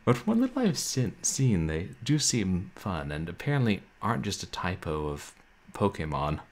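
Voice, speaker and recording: Soft-spoken, low-voiced male game streamer. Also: sing-song, moderate pace. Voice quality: soft, somnolent voice. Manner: laid-back, wry, chuckles often. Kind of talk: casual chat with stream viewers. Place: home room, roommates nearby.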